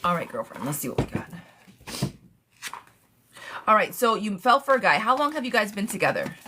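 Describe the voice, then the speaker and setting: A woman's voice: medium pitch, sing-song, fairly quick, background noise. A woman giving a live-streamed tarot reading, blunt and chatty, calling her viewers sweetheart and friend. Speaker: tarot reader.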